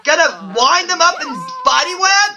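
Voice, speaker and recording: A woman's voice: very high-pitched, big pitch swings, moderate pace, noisy background, full character voice. A woman voicing a cheerful, boastful male superhero bachelor. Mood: eager.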